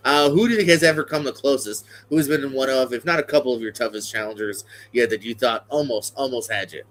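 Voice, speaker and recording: A man's voice: mid-range voice, fast, a bit bright. A male host asking an interview guest questions and reading out wrestling history with lots of fillers. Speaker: podcast host.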